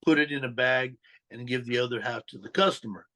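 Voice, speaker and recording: A man's voice: mid-range voice, fairly quick. A man from Denver, a former mob associate and motivational speaker, telling his life story as a guest in an interview and acting out the people he quotes. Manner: animated storyteller who acts out the people he quotes.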